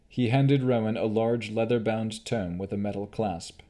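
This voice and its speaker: A man narrating an audiobook of a fantasy novel in a measured, deliberate reading. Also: fairly low pitch, steady tone, dark tone.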